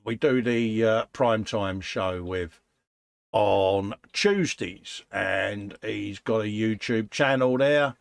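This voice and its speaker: A man's voice: lowish voice, takes it slowly, gravelly, no room sound. A British man hosting a casual live stream from his workshop, reading out viewer comments in a chatty, matey way. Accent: British English. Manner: chatty, matey, calls viewers mate and folks. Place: home workshop.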